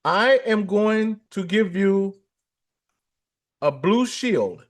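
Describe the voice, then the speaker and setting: A man's voice: high-pitched, lively intonation, very slow. A man hosting a music livestream, talking in a chatty, upbeat, rambling way. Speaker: livestream host. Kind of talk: casual livestream chat.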